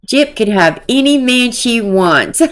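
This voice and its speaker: A woman's voice: mid-range voice, background noise. A woman hosting a casual commentary channel, reading messages aloud and laughing often in an amused, chatty way.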